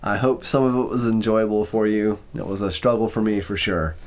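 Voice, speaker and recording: Tired male ASMR narrator with a slightly low voice; soft, apologetic, stumbling delivery. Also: steady tone, brisk. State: exhausted. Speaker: ASMR storyteller. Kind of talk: ASMR story reading.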